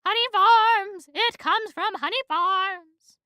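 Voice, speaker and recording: A woman's voice: high-pitched, expressive, unhurried, pushed and bright, no room sound, studio quality, pitched above the performer's own voice, heavily acted. A woman voicing a sly male grocery worker who blusters and threatens, in a casual script reading. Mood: blustering.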